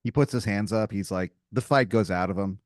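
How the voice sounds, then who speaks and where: A man's voice: lowish voice, brisk, dry recording, clean studio sound. A man running an improvised tabletop-style story as game master, casual and profane, with lots of fillers.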